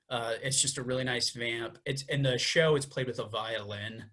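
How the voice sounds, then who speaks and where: A man's voice: medium pitch, steady tone, moderate pace, hardly any pauses. Young man explaining music theory. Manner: explains step by step, counting beats aloud. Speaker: podcast co-host.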